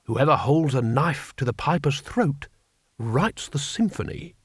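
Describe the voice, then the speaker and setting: A man voicing a mild, precise older male schoolteacher who talks slowly and carefully. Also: medium pitch, animated, slightly rough, dry recording, studio quality. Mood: coaxing.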